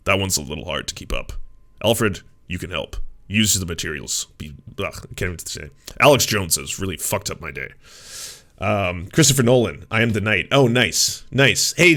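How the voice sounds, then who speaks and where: A man's voice: mid-range voice, fairly bright tone. A man talking casually as a streamer, commenting sarcastically on what he reads aloud, swearing and mocking it.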